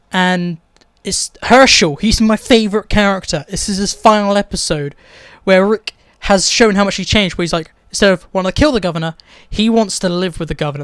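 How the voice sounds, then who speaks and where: High, clear-voiced enthusiastic man. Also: a bit bright, no room sound. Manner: enthusiastic, gushing, repeats superlatives. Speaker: video host. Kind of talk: casual episode ranking commentary.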